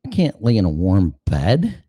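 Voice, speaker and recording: Low-voiced guy ranting slow and sarcastic, swears a lot, pitch jumps all over, dry close sound. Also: huge pitch swings, mellow, no echo. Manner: acts out voices mid-rant. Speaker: show host. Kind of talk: opinion monologue.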